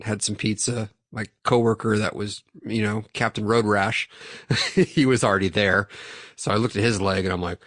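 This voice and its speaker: A man's voice: on the low side, fairly even intonation, normal speed, a bit bright, no room sound, clean studio sound. Profane laughing storyteller, a young man. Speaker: podcast host. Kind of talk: casual chat.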